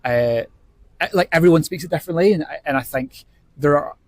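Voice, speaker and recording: A man's voice: a little high, a little fast, dry recording. A Scottish man, a theatre director, talking thoughtfully and with some hesitation as a guest in a casual interview. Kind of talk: casual chat.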